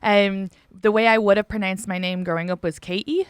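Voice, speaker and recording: A woman's voice: medium pitch, steady tone, brisk, smooth, no room sound, studio quality. A young Irish woman hosting a podcast, telling stories in a chatty way and laughing often. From Ireland. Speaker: podcast host. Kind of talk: casual chat.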